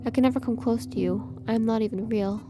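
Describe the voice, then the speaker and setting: A woman's voice: a little high, steady tone, fast talker, background noise, lightly acted. A woman voicing a male artificial child creature who talks in a pained, pleading way to the one who raised him.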